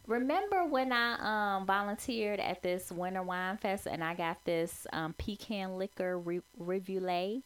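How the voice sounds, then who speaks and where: A woman's voice: mid-range voice, unhurried, hardly any pauses, clean tone. A woman co-hosting a podcast, chatting casually in an easygoing, agreeable way. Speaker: podcast co-host. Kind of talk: casual chat.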